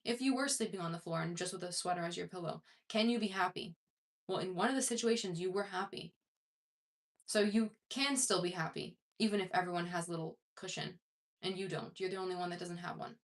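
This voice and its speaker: A woman on the low side of the pitch range talks a little fast in a casual to-camera chat with her viewers. She coaches self-improvement in a loose, rambling way, full of fillers and restarts.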